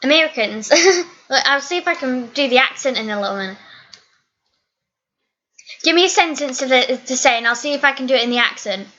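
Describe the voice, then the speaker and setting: A woman's voice: high voice, expressive, fairly quick, long pauses, bright, forceful tone. A woman from Wales, chatting in a giggly, chatty way in a casual Q&A video. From northeast Wales. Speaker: YouTuber. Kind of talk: casual Q&A chat. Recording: dull lo-fi recording.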